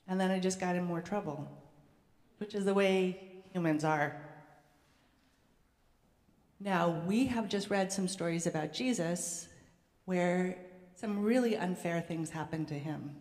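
A woman pastor leading prayers and then telling a story to children in a gentle, conversational way. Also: fairly low pitch. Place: church sanctuary. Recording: echoey church hall reverb.

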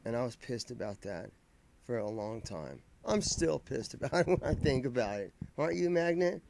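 This vlogger has a gravelly, medium-pitched voice with big pitch swings and a moderate pace, heard against background noise. He's recounting a fan story in a loose, profane, rambling way, frequently breaking off to restart his sentences.

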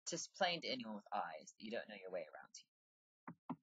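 A man's voice: sing-song, moderate pace, fairly bright tone, husky, no echo, dull audio, heavily acted. A man voicing a brusque British woman guide in a fantasy game, raising his voice so it sounds almost feminine. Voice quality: raised, almost feminine pitch.

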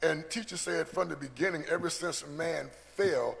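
Earnest male church preacher, high and gravelly, in a reverberant sanctuary. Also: moderate pace, fairly bright tone. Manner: earnest, repeats words when building a point. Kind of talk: sermon teaching. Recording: long church hall reverb.

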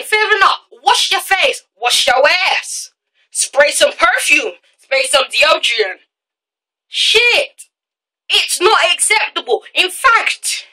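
A woman's voice: very high voice, sharp tone, poor audio. Ranting teen girl. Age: teens. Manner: heated ranting, stammering restarts, exasperated. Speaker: vlogger. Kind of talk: ranting vlog. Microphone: phone held at arm's length.

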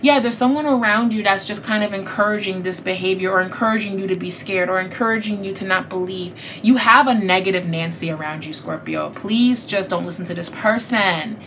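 A woman giving a casual tarot reading, chatty and animated, speaking straight to her viewers and laughing often. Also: medium pitch, a little fast, hardly any pauses, slight background noise. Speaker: tarot reader.

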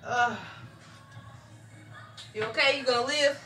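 Teasing woman, high and far off. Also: takes it slowly, sharp tone, faint music behind. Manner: teasing, amused. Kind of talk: casual teasing chat. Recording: distant voice in an echoey room.

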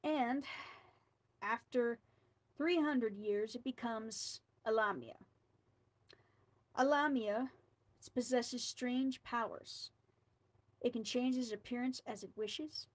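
A woman with a fairly high voice reads a scary tale aloud. She tells it like a storybook and drops in quiet asides of her own. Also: takes it slowly, pauses often, low-quality recording.

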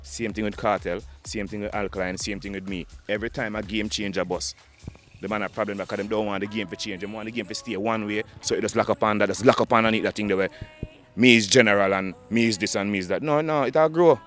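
A Jamaican man with a lowish voice talks quickly in a loose interview. He circles back over his points and restarts his sentences again and again, with faint music playing behind him. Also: steady tone, fairly bright tone. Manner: fast, repetitive, restarts often, uses slang. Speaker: dancehall artist. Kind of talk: interview, casual talk.

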